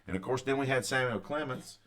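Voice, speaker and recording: A man, co-hosting a podcast in casual chat, halting with many fillers and restarts. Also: mid-range voice, fairly bright tone. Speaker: podcast co-host.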